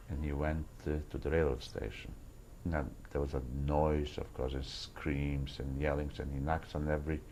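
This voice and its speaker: Deep gravelly old man, halting testimony. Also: darkish tone, a little hiss or hum, low-quality recording. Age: older. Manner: halting, repeats words while searching for them. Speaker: interviewee recounting wartime memories. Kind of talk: personal testimony.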